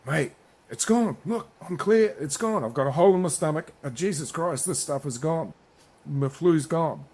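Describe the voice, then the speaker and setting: An excitable grown show jumper bursts out in loud, amazed exclamations, his voice pitched well above an ordinary man's talk, as a man puts him on while telling a story. He sounds thrilled and breathless with wonder. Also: normal speed, husky.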